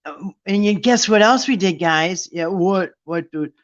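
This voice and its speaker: A man's voice: on the high side, normal speed, muffled recording. Indignant man ranting on a live stream. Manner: indignant, mocking, rambling with restarts. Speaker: livestream host. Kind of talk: casual live-stream chat.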